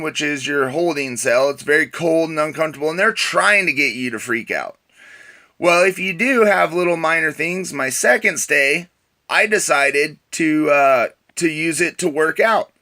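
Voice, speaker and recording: A man's voice: on the high side, bright, forceful tone. A young man casually telling a personal story to camera, rambling with many fillers and restarts. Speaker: vlogger.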